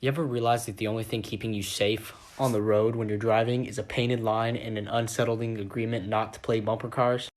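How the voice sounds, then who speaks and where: A man's voice: lowish voice, level tone, a little fast, hardly any pauses, voice pushed down, lightly acted. A man voicing Marvin, a young man who earnestly asks odd, puzzled questions. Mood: curious.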